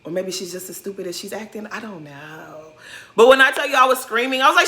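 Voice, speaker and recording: Blunt, sassy woman vlogger, bright voice. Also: mid-range voice, expressive, quick pace. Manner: blunt, sassy, talks straight to the cast. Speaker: reality TV reaction vlogger. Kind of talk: casual reaction commentary.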